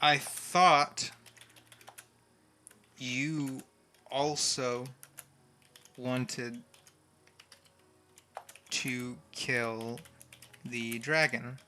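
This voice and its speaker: A man streaming a text adventure game, reading its lines aloud and reacting in an animated, swearing way. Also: medium pitch, drawn-out words, long pauses, a little hiss or hum.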